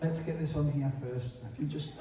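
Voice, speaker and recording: A magician doing jokey, teasing banter with volunteers during a live show in a large hall. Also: male voice, fairly high pitch, steady tone, normal speed. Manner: jokey, teasing audience banter, laughing often. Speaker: magician and entertainer. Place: large church hall with audience. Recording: echoey hall recorded from far off, noisy.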